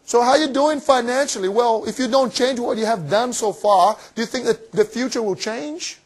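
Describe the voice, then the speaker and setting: A man giving a motivational finance seminar to a live audience in a room, energetic and cheeky, firing off rhetorical questions. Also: extremely high pitch, normal speed. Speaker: seminar presenter.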